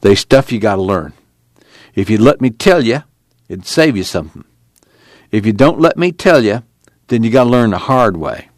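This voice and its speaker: A man's voice: fairly low pitch, very animated, normal speed, pauses often, no room sound, voice pushed down. Floyd: a man doing a weary drawling migrant worker. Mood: weary insistent. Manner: drawling, matter-of-fact rural speech.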